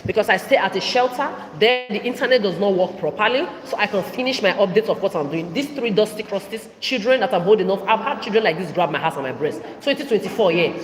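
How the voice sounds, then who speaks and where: A woman's voice: mid-range voice, expressive, fast, hardly any pauses. A young woman records a heated video update on her phone, talking in a confrontational, repetitive way that rises into outbursts. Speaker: vlogger. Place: indoor public hall with shops on each side. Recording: echoey big indoor hall.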